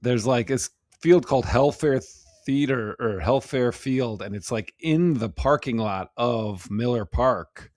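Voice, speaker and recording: A man's voice: mid-range voice, measured pace, hardly any pauses, a little mellow, dry recording, studio quality. A man co-hosting a podcast in easygoing casual chat, laughing often and swearing casually. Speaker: podcast co-host.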